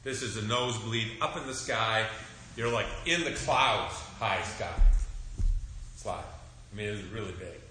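A middle-aged male pastor telling a children's sermon as an animated, expressive storyteller. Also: fairly low pitch, measured pace, slight background noise. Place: church sanctuary. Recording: echoey church room.

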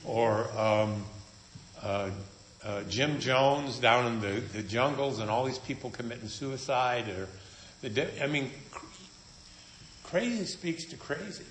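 A man's voice: mid-range voice, measured pace, fairly bright tone, slight background noise. A man preaching a sermon in a conversational, storytelling manner with wry humor. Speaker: pastor. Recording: echoey room.

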